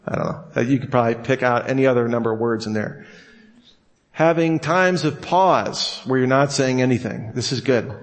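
A Bible teacher with a mid-range voice and normal pace teaches a class on preaching. He keeps it casual and jokey, acting out quotes with laughs, and the recording has a long hall reverb.

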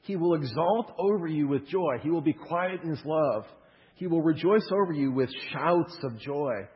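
A man's voice: on the high side, animated, moderate pace. A man preaching a sermon, in a loose, conversational way with humorous storytelling. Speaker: pastor. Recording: muffled with long hall reverb.

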